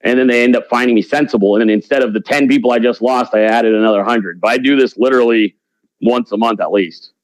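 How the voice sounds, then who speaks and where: A man's voice: medium pitch, fast talker, no room sound, rough recording. A man talking as an interview guest in a blunt, brash, slangy way. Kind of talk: casual interview talk.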